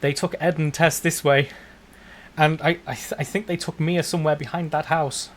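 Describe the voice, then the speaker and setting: A man's voice: a little high, steady tone, a little hiss or hum, voice pushed up, lightly acted. A man voicing a frightened townswoman who stammers as she points the way. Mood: shaken. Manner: halting, stammering.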